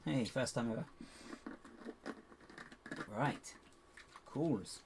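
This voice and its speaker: Male streamer, mid pitch, casual build-along chatter with a muttering, self-deprecating delivery. Some hiss and keyboard noise behind. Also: lively intonation, drawn-out words. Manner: chatty, muttering to himself, self-mocking asides. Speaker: livestream host building toy bricks. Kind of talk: casual live-stream commentary while building.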